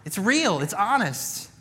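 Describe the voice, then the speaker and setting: A male pastor preaching a sermon in an animated way, acting out dialogue from scripture. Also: high voice, husky.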